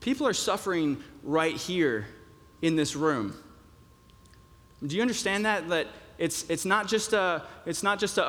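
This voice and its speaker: Young male preacher, slightly high voice, chatty sermon delivery full of fillers, big hall reverb. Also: lively intonation, normal speed, fairly bright tone. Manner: conversational, with many fillers and restarts.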